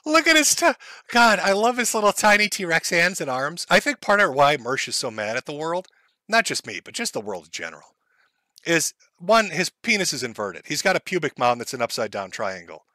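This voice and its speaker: A man's voice: fairly high pitch, big pitch swings, a little fast, sharp tone, no room sound. A male streamer host giving crude, sarcastic commentary on clips, laughing at them.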